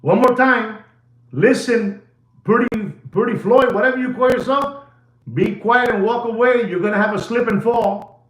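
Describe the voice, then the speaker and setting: A man's voice: very high voice, moderate pace, echoey room. A man hosting a live watch-sale stream, talking in a rambling, emphatic way and repeating phrases over and over.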